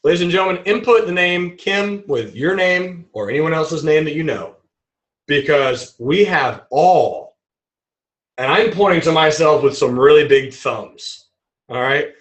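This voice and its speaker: A man teaching a trading webinar in a playful, animated way, acting out examples as he explains them. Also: fairly high pitch, unhurried, low-quality recording. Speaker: trading instructor.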